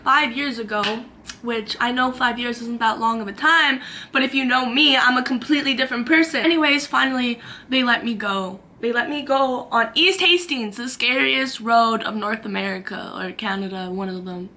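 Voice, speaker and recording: Bright-voiced young woman telling a story. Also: high voice, moderate pace, slight background noise. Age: 20s. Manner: animated, acts out quotes, lots of "like". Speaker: vlogger. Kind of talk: casual storytime to camera.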